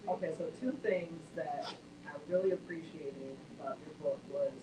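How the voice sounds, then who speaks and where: A woman in the audience asking a question in a hesitant, quiet way. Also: low voice, moderate pace. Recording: echoey, noisy, far off.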